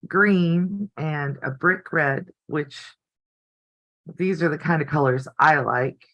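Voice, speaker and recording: A woman's voice: deep voice, slow pace, no echo, muffled recording. An older woman hosting a casual live stream from her home craft room, chatty and easily delighted. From United States. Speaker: quilting channel host.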